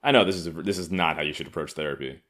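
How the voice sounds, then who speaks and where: A man's voice: extremely low pitch, very fast, fairly bright tone. A young American man talking off the cuff in a provocative, sarcastic, rambling comedic monologue. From United States. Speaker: solo vlogger.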